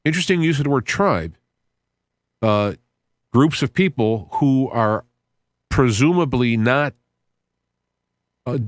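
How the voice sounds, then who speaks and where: A man hosting a podcast, talking casually about scripture in an earnest, rambling way, often restarting his phrases and reading passages aloud, with sudden rises in pitch when excited. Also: clear, resonant tone, dry recording. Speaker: podcast host.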